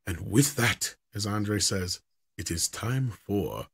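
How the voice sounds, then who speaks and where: A man's voice: lowish voice, expressive, slow pace, gravelly, slightly rough, dry recording, studio quality. A man hosting a live-streamed talk show, casually wrapping up and thanking his guests, laughing often.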